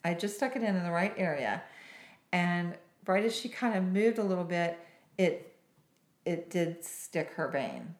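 A woman who works as a nurse injector, hosting a casual podcast chat in an animated, chatty way and laughing often. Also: fairly low pitch, measured pace. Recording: roomy echo.

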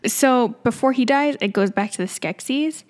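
A woman's voice: sits high, moderate pace. Giggly woman recapping a movie. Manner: laughing, animated, quotes her own reactions. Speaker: podcast co-host. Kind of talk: casual movie recap chat.

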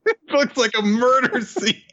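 Animated man with bright lively voice. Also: normal speed, highs cut off. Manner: animated, laughs often, acts out characters in high voices. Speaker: podcast co-host. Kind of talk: casual chat recapping manga.

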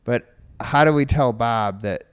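A man co-hosting a casual chat, easygoing and quick to laugh. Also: mid-range voice, clear, resonant tone. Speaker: podcast co-host.

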